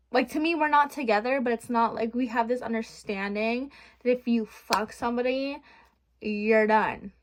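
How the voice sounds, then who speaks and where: Young woman venting to her vlog from her bedroom, rambly, blunt, kinda high voice. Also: slight background noise. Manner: rambling, frank, venting with profanity. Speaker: vlogger. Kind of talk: candid casual chat.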